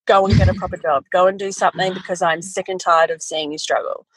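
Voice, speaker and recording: Lively woman telling her story. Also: on the low side, fast, slightly rough, dry recording, low-quality recording. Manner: animated storytelling, quotes family in voices, laughs often. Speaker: guest, photography educator. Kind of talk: casual interview chat.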